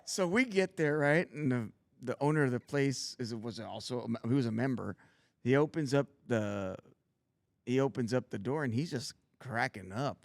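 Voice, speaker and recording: A man, telling animated stories and acting out the people in them as a guest. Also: medium pitch, moderate pace. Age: 50s. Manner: animated storyteller acting out voices. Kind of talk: casual storytelling.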